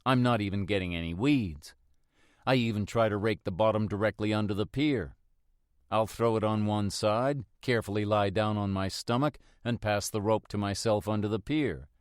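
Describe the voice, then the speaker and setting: A man narrating a first-person mystery audiobook in a steady, reflective manner. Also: lowish voice, normal speed, clean tone, no room sound, studio quality.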